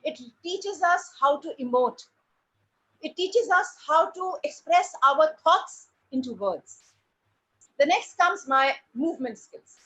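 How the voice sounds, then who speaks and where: A woman, a drama teacher presenting to parents, speaking with deliberate pauses and stressed words. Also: high-pitched, fairly bright tone. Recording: dull lo-fi recording.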